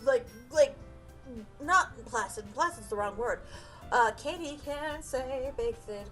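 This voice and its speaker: A woman's voice: sits high, slow, pushed and bright, soft background music. A young woman streaming a game, chatting casually and giggling often. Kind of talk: casual chat while playing a game.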